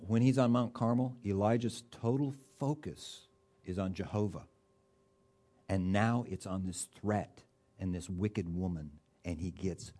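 Folksy, mellow-voiced male preacher. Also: lowish voice. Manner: conversational, folksy humor with rising emphatic bursts. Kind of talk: sermon.

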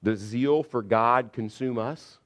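Middle-aged male pastor, storytelling sermon, mid-pitched voice, loud in the retelling, quiet in the confession. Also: takes it slowly. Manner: storytelling, swings from shouting re-enactment to quiet confession.

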